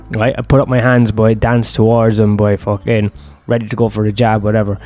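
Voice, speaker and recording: A man's voice: lowish voice, little pitch movement, fairly quick, few pauses, a little mellow, faint music behind. A man, telling a long personal story in a rambling, profane, self-deprecating way. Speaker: host.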